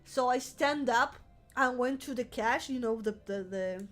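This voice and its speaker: A woman's voice: fairly high pitch, measured pace, fairly bright tone, faint music behind. A woman streamer telling a rambling story in casual live-stream chat, swearing freely and laughing often. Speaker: vtuber streamer.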